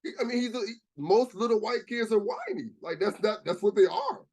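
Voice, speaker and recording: A man's voice: high-pitched, wildly swooping pitch, a little fast, darkish tone, slightly rough. A man co-hosting a podcast in casual chat, laid-back and argumentative, speaking in slang. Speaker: podcast co-host.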